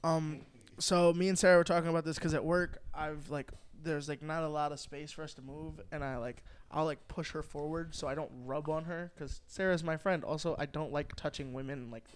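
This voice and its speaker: A man's voice: on the high side, fairly even intonation, a little fast, clear, resonant tone. A young man co-hosting a casual podcast, telling boastful joking stories. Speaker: podcast co-host. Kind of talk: casual chat.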